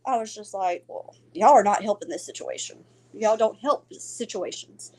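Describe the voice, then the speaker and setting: A woman's voice: medium pitch, moderate pace, a little hiss or hum. A middle-aged woman, telling a family story in casual chat and acting out the voices of the people in it. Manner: animated, acts out quoted voices, laughs often. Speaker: podcast co-host.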